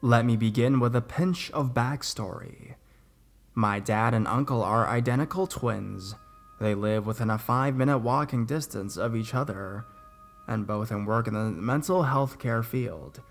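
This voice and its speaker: A young man narrating scary stories in a steady reading voice that rises at the shocking parts. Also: medium pitch, a little slow, soft background music. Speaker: horror story narrator. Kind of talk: scripted horror story narration.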